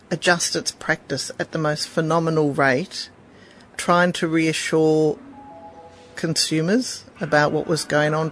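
A man from the homelessness sector reflecting on his work in a measured, articulate interview. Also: fairly high pitch, a bit bright, a little hiss or hum.

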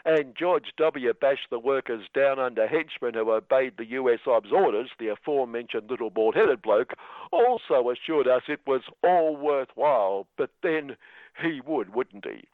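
Sardonic Australian male radio commentator, mid pitch, tinny dry sound. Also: lively intonation, normal speed, no room sound. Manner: sarcastic, mocking.

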